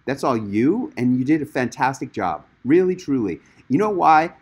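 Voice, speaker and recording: A man's voice: medium pitch, sing-song, normal speed, a little mellow, breathy edge. A man hosting a webinar and coaching speakers with emphatic, enthusiastic encouragement.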